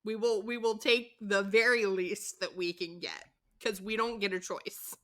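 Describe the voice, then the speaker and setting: A woman with a bright, clear tone talks through a TV episode for her podcast. Her chat is casual and candid, often exasperated, with the odd swear word and laugh, and her pitch sits in an average range. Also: steady tone, unhurried. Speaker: podcast co-host recapping episodes.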